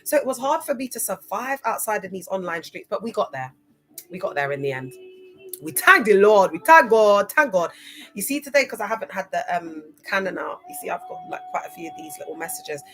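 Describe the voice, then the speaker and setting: A woman's voice: medium pitch, sing-song, fast. Woman, casual livestream host, chatty, laughs a lot, faint music underneath. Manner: chatty, laughs often, spells out words.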